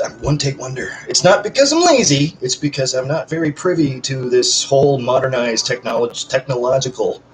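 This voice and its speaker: In this rough recording, a little hiss or hum sits under a man's medium-pitched voice. He is hosting his own channel from home, talking casually and unedited to viewers, rambling with joking, self-deprecating asides.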